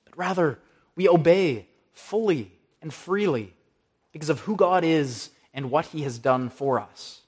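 A man delivers an earnest sermon in a notably high voice. He speaks with steady conviction, quoting scripture and naming the chapters as he goes. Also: a little slow, breathy edge. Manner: earnest pulpit preaching, cites scripture references. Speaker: preacher.

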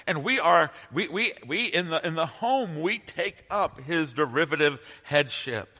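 Impassioned preacher in a ringing hall. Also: male voice, fairly high pitch, animated, measured pace, sharp tone. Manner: impassioned and emphatic, with bursts of rising intensity. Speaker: pastor. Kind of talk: sermon. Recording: long hall reverb.

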